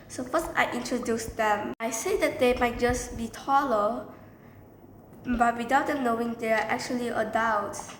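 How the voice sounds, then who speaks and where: Speaking at a measured pace in a voice on the high side, a woman narrates a story from when she was a teacher. Her telling is casual and rambling, full of repeated fillers, recorded in an echoey room with faint noise behind her.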